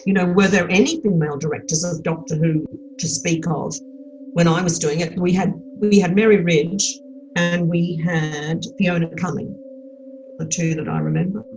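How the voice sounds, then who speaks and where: A woman's voice: fairly low pitch, fairly even intonation, moderate pace, darkish tone, dull audio, soft background music. An older woman from Australia with an Australian accent, chatting frankly and cheekily as an interview guest, full of restarts. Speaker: actress and podcast guest. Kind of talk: casual interview chat.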